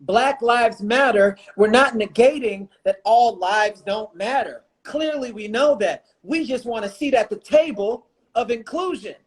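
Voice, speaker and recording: A man's voice: very high-pitched, measured pace. A man speaking as a guest on a livestreamed interview, talking with passion and repeating phrases for emphasis. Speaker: guest, motivational speaker and coach. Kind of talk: impassioned conversation on a livestream. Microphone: phone or computer mic on a livestream.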